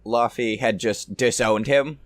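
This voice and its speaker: Male co-host, mid-pitch, dry close sound, analytical and critical. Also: fairly even intonation, no echo. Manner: measured, critical, builds arguments point by point. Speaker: co-host of a movie review show. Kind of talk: casual critical discussion.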